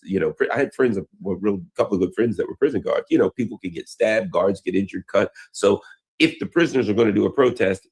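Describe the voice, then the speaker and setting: A man's voice: low voice, breathy edge. A man hosting a news commentary show, talking casually and rambling into old stories, with frequent restarts.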